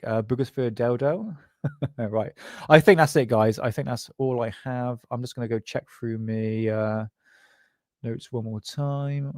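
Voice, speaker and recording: A man's voice: mid-range voice, no room sound, studio quality. A man from England hosting a casual livestream, rambling, sarcastic and self-deprecating. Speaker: host.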